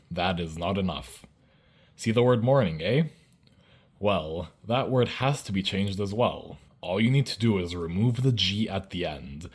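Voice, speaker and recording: A young man from Canada with a Canadian accent, giving a deadpan satirical lecture in a mock-serious tone. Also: breathy edge. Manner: mock-serious lecturing, jumping between high and low pitch.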